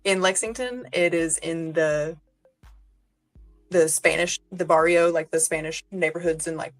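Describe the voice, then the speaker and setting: A woman from Kentucky chats as a podcast guest, her voice sitting a little low for a woman. She talks loosely, with plenty of "like" and "um" and easy laughter, and faint music plays behind her. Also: steady tone, unhurried. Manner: chatty, filler-heavy, laughs easily. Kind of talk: casual chat.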